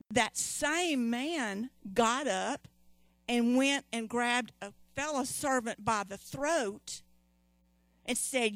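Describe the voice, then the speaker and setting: A woman preaching with a fairly high voice and an unhurried, deliberate pace. She leans on repeated phrases and calls on her listeners to answer back. The sound is close and dry, with almost no room echo. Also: fairly bright tone. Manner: emphatic, repeats key phrases, calls for audience response. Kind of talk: sermon.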